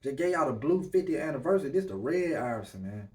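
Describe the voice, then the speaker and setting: A man's voice: fairly high pitch, sing-song, quick pace, a little mellow, far from the mic. Laid-back man, a bit off-mic. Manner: laid-back, loose slang, filler-heavy. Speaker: podcast host. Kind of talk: casual podcast chat.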